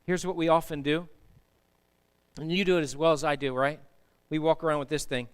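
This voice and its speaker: A man with a high, smooth and resonant voice preaches a sermon in a church. He speaks with emphasis and often asks the congregation to respond. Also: fairly even intonation, fairly quick. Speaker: pastor. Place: church sanctuary.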